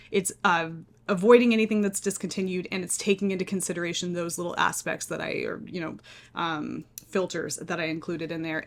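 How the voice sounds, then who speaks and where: An American woman hosting a knitting channel, chatting through pattern picks in a casual, think-aloud way. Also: medium pitch.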